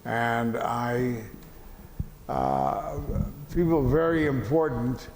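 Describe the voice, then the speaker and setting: An older man, a veteran actor answering questions at an event, halting with many fillers and dry deadpan jokes. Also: medium pitch, slight background noise. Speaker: interview guest, veteran actor. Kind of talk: relaxed panel conversation. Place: event hall with audience. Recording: echoey hall.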